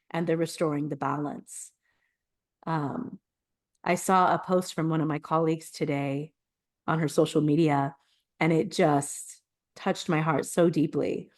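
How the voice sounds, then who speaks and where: Low-voiced woman chatting earnestly on a podcast. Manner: animated storyteller, laughs often, earnest and emotional. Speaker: podcast co-host. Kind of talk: casual conversational podcast chat.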